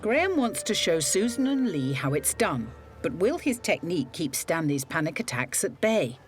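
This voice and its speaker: A woman narrates a TV show from a script, her low-leaning voice swinging widely as she tells the story. Clear music sits beneath her voice-over. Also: normal speed. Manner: lively, storytelling delivery. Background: background music.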